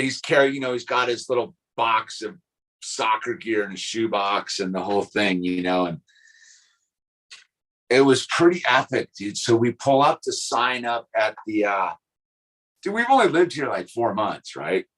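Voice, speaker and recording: A man's voice: mid-range voice, lively intonation, moderate pace, fairly bright tone, poor audio. Laid-back rambling man saying dude. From California. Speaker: streamer. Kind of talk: casual chat.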